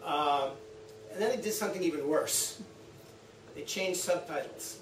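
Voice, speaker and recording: A man giving a university talk, telling anecdotes with animated quoted voices and frequent laughter. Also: on the high side, a little slow. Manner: lively storytelling, acts out quotes, laughs often. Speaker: guest lecturer. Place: lecture room. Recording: roomy, from a distance, faint hum.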